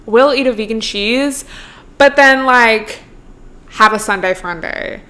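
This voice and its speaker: A woman's voice: on the high side, slow pace, bright, forceful tone. A woman in her twenties hosting her own podcast in casual solo chat, full of "like" and swearing, laughing between points. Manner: chatty, swears a lot, heavy use of "like". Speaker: podcast host.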